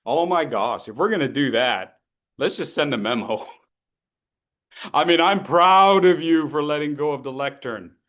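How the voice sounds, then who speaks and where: A man teaching as a speech coach, lively and playful, acting out his students and throwing in sound effects. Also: fairly high pitch, unhurried. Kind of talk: lively training talk.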